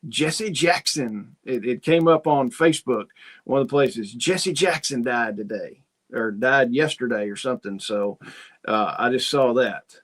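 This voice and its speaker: A man with a mid-range voice hosts a casual livestream at a measured pace, reading viewer comments and telling rambling, folksy stories in which he acts out both sides of a conversation.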